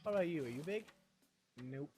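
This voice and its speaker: A man's voice: a little high, expressive, brisk, darkish tone, soft background music. A man streaming a video game, rambling playfully to himself as he plays. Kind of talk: casual gameplay commentary.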